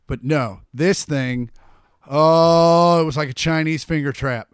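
A man's voice: fairly high pitch, takes it slowly, smooth, dry recording, clean studio sound. A man hosting a podcast in casual chat, swearing a lot and ranting in mock anger. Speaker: podcast host and comedian.

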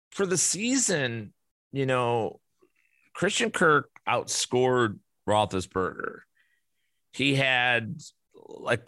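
A man's voice: medium pitch, pushed and bright, no room sound. A man hosting his own podcast, ranting in a casual, blunt way with profanity and frequent restarts. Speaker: podcast host. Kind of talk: casual solo podcast rant.

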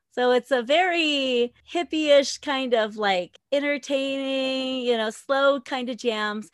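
Interview guest, woman in her forties, high voice, dry close sound, loud animated storyteller who laughs a lot. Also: no room sound. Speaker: guest, former dancer with a podcast.

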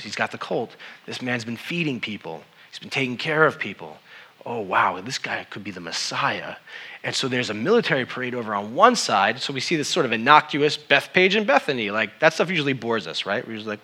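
A man preaching a sermon, animated and addressing the congregation directly with questions. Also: mid-range voice. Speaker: pastor.

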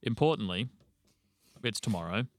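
A man's voice: fairly low pitch, lively intonation, normal speed, no echo. A young man, co-hosting a casual sports podcast and rambling through team news with casual swearing. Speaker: podcast co-host.

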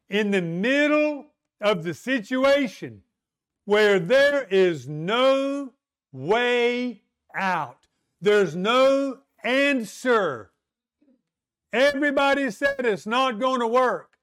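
A man delivers a sermon at an unhurried pace, his voice pitched very high yet smooth and resonant. He leans on rhetorical questions and long pauses, sometimes dropping to a softer, more intimate tone. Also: expressive. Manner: slow, emphatic preaching with dramatic pauses and rhetorical questions. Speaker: preacher.

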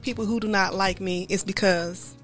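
Straight-talking woman telling stories, does the voices, quiet music in back. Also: mid-range voice, fairly even intonation, moderate pace. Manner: blunt, candid, acts out voices in her stories. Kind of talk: casual chat.

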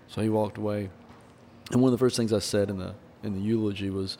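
A man's voice: on the low side, fairly even intonation, normal speed, creaky, mellow, a little hiss or hum. A man who was once a minister, talking earnestly and telling stories in a candid conversation about grief. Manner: storytelling, earnest, preacherly. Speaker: podcast host, former minister.

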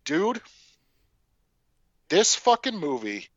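A man's voice: a little high, big pitch swings, drawn-out words, a bit bright, dry recording, dull audio. A man in his forties, a podcast co-host, ranting profanely and with exasperation about a film in casual chat.

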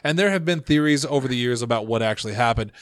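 A man of middling pitch hosting a casual podcast, telling stories from his notes in a chatty way. His voice is dry and close, with no room sound around it. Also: lively intonation, fairly bright tone, clean tone, dry recording. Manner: chatty storyteller, reads notes, quick asides. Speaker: podcast host.

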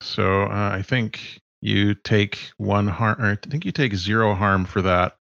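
A man acting as game master, explaining rules and narrating the scene with relaxed, halting pauses. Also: on the low side, creaky, dry recording, muffled recording.

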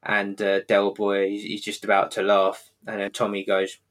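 A man casually retelling a TV episode scene by scene, rambling and halting with plenty of fillers. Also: on the low side, monotone.

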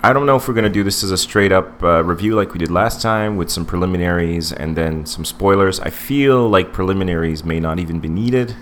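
A man's voice: deep voice, brisk, few pauses, a little hiss or hum. A man in his forties co-hosting a casual podcast movie review, rambling with many fillers and restarts. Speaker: podcast co-host.

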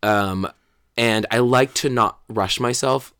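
A young drag performer with a mid-range, slightly bright, clear and resonant voice tells stories slowly in a casual interview. He uses plenty of fillers and acts out quotes, and the audio is dry and studio-clean.

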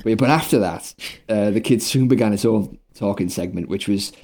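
A man's voice: fairly low pitch, moderate pace, a little mellow. A man co-hosting a casual podcast, recapping wrestling with wry sarcasm and frequent laughter. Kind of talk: casual comedic recap chat.

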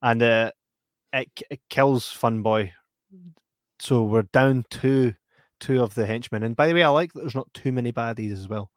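A man co-hosting a casual film review chat, animated, often acting out lines from the film in put-on voices and laughing. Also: mid-range voice, moderate pace, dry recording. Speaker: podcast co-host.

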